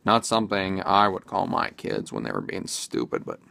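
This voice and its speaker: A man's voice: deep voice, sing-song, moderate pace, vocal fry, sharp tone. A man casually commenting in a vlog, rambling and hesitant with many fillers and restarts. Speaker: video commentator.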